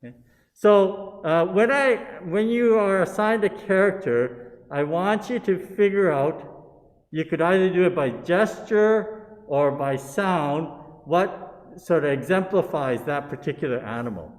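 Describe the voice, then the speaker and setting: Leading a Buddhist service on a video call, a man with a high-pitched, expressive voice tells a story and doles out roles to those taking part. He's a patient, encouraging narrator, and the sound carries the space of a large hall.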